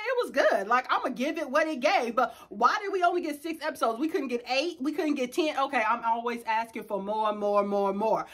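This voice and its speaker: Sassy woman in her 30s chatting to her viewers, high bright voice, lots of attitude. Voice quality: expressive, animated, chatty. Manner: sassy, talks straight to viewers with slang asides. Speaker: vlogger. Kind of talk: casual chat to camera.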